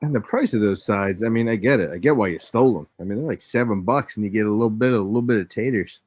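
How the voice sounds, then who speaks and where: A man's voice: fairly low pitch, fast, a little mellow. Teasing, wisecracking man. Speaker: stream guest. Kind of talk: casual chat.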